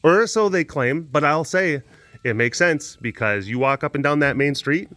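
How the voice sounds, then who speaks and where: A man's voice: a little high, expressive, moderate pace. A young man chatting casually and rambling about his day as a podcast host. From Dallas-Fort Worth area, Texas. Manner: rambling, talks to pets in a soft voice. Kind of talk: casual chat.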